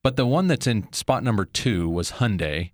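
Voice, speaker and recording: A man with a lowish voice chats casually, stumbling and restarting as he goes. The sound is dry and close-miked. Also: lively intonation, moderate pace, dry recording. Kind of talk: casual chat.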